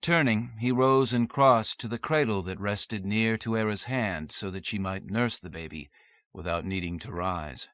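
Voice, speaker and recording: Forceful low-voiced male audiobook narrator. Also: moderate pace, no echo. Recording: dull dry lo-fi tape recording.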